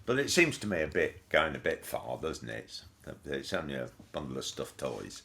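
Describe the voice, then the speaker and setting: A man's voice: rumbling low, very animated, normal speed, creaky, bright, forceful tone. A man co-hosting a podcast in casual chat, talking in a rambling, hesitant way with wry jokes. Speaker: podcast co-host.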